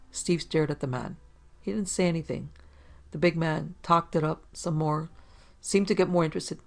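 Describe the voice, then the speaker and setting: A man narrating a hardboiled detective story in a measured, deliberate reading. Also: a little high, fairly even intonation, gravelly.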